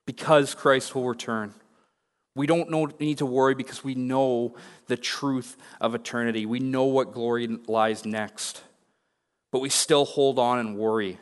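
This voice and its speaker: Earnest young pastor in a reverberant hall. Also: male voice, medium pitch. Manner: earnest, personal and confessional. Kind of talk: sermon. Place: church sanctuary. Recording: long reverb of a large hall.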